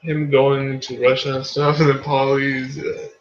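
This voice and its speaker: A man in casual chat about a movie, talking in a halting, laid-back way. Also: medium pitch, little pitch movement. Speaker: co-reviewer. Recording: roomy, lo-fi, faint noise.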